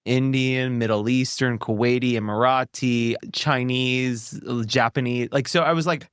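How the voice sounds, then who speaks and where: Podcast host, man in his thirties, enthusiastic, reacts with laughs, mid-pitched, dry close sound. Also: steady tone, smooth, no echo. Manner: enthusiastic, laughs and gasps often, quick reactions. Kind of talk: casual podcast chat.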